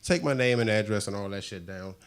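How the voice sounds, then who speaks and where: A man co-hosting a podcast, telling a story in an animated, profane way with streetwise slang, often asking "you know what I'm saying?". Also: lowish voice, quick pace, clean tone. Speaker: podcast co-host. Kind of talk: casual storytelling.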